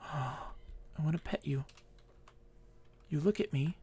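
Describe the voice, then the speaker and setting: A man's voice: on the high side, slow, mellow, breathy edge. A drunk man streaming a game live, rambling and giggling as he talks, sometimes squealing and sometimes murmuring. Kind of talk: live gameplay commentary.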